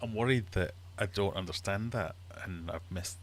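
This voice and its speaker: A man hosting a casual livestream from his fish room, chatty and quick to laugh while telling jokes. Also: deep voice. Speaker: livestream host.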